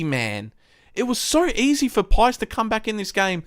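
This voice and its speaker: A man's voice: sits high, moderate pace, no echo, studio quality. A man hosting a live-stream footy review, swearing heavily and ranting in frustration, his voice jumping up when he gets worked up. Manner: excitable, voice jumps up when worked up.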